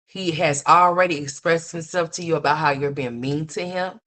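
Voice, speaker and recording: A woman with a low voice hosts a ranting commentary stream. She scolds bluntly and curses freely. Now and then she mocks other people by mimicking them in a higher voice. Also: normal speed, fairly bright tone. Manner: blunt, scolding, profane, mocking.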